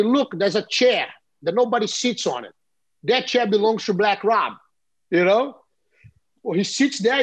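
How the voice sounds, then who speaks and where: A Brazilian-accented man in his fifties is talking as an interview guest, with a husky, fairly high voice. He tells stories in an animated way, circling back and repeating words as he goes. The audio is dull and lo-fi. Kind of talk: casual interview storytelling.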